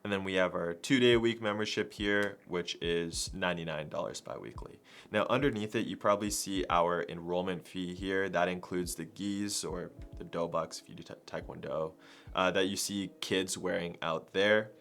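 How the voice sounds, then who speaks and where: A man's voice: low-pitched, fairly even intonation, moderate pace, a bit bright. A man coaching sales in a loose, conversational way, full of "like" and "you know". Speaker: sales coach for martial arts school owners. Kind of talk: casual sales coaching talk.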